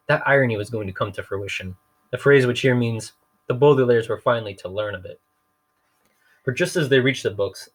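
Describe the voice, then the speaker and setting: A man's voice: medium pitch, fairly bright tone. A man reading a novel aloud in a dry, wry storytelling manner. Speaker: reader.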